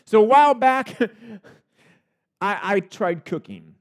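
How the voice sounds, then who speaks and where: Male pastor, higher-pitched voice, loose conversational sermon delivery with restarts. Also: animated, slow pace. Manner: conversational, with frequent restarts and small laughs.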